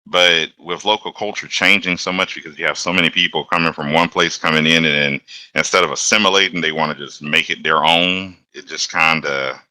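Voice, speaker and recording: A man from Alabama, a locomotive engineer, chatting as a guest and telling stories in a relaxed, rambling way. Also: rumbling low, fairly quick, smooth, no room sound. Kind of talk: casual conversational storytelling.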